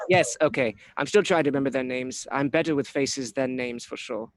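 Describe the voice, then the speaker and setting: A man playing in a tabletop game, joking and quick to laugh. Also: medium pitch, no room sound. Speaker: player. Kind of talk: tabletop role-play chat.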